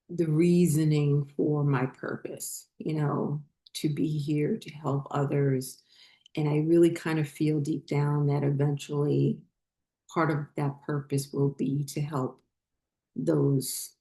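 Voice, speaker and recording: Low-voiced woman telling her story. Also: dark tone. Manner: rambling, halting, full of fillers and restarts. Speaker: spiritual vlogger. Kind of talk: personal storytelling monologue.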